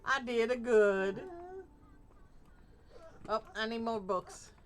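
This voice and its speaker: A woman streamer chats casually with her viewers while she plays, laughing often and answering their messages. She talks in an unhurried, drawn-out way, with a voice a little higher than most women's. Quiet music plays faintly in the background. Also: steady tone. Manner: chatty, laughs often, reacts to chat. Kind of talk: casual live-stream chat while gaming.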